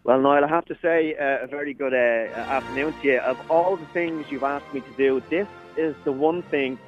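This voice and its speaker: A man's voice: mid-range voice, moderate pace, dull audio, soft background music. An Irish man doing a live radio report outdoors on a busy city street, chatty and laughing as he approaches passers-by.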